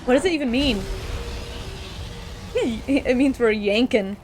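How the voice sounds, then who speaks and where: The speaker is a young American woman whose slightly high voice moves at a brisk pace as she streams a video game. Her chatter is giggly and rambling, full of laughter, against a noisy background.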